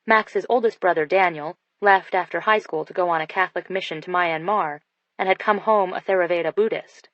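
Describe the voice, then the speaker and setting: A woman's voice: lowish voice, a little fast, no echo. A woman narrating a first-person romance audiobook in an intimate storytelling manner. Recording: dull dry studio sound.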